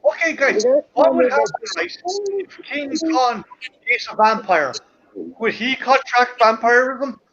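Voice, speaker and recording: A man's voice: very high voice, lively intonation, measured pace, a bit bright, lo-fi sound, a little hiss or hum. A man co-hosting a casual movie watch-along, rambling and joking with heavy swearing. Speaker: podcast co-host.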